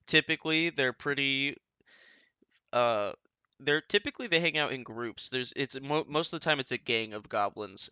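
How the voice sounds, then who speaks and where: A man's voice: medium pitch, pushed and bright, clean tone, no echo, muffled recording. A man casually explaining rules for a game as host, rambling with many restarts and asides.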